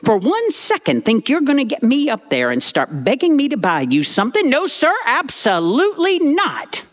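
A man's voice: wildly swooping pitch, normal speed, full character voice. A man voicing a stern, scolding old grandmother who wails when upset, in a story told on stage. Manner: shrill and wailing.

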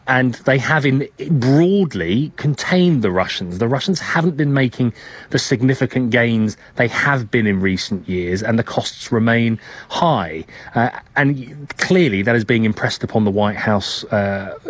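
Man, correspondent, low-pitched, husky, hesitant live news report. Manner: measured, with frequent hesitations and restarts.

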